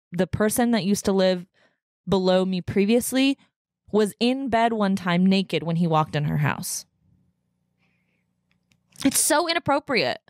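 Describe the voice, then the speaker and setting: A woman's voice: mid-range voice, no room sound. Lady host going off on a sweary rant, voice bouncing up and down, dead dry room. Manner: profane, fired-up venting. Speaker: podcast host. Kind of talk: casual solo rant. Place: home podcast room.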